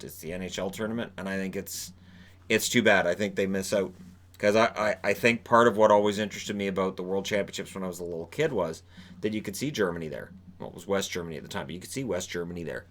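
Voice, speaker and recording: A man talking through the day's hockey news in a loose, rambling way, often restarting his sentences. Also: lowish voice. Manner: animated, rambling with repeated restarts. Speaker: hockey commentator. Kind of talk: casual news commentary.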